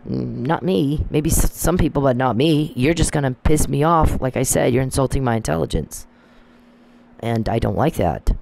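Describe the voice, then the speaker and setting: A man with a gravelly, creaky voice talks straight into the mic in a loose, unscripted monologue. He is blunt and emphatic and swears freely. His pitch sits in an ordinary middle range. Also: expressive, normal speed, darkish tone, slight background noise. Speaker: commentator. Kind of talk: casual monologue.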